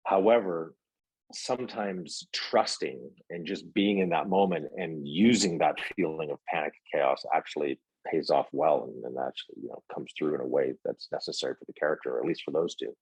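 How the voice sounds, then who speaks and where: A man's voice: a bass voice, moderate pace, slightly rough, no echo, highs cut off. A middle-aged man, an actor guest, telling stories in a casual interview with lots of fillers and restarts. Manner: rambling, many fillers and restarts.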